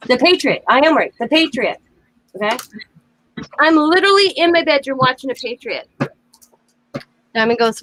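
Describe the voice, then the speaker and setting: Chatty woman with a higher voice. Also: moderate pace, long pauses, poor audio. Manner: chatty, animated storyteller. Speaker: crafting live-stream host. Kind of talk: casual chat while crafting.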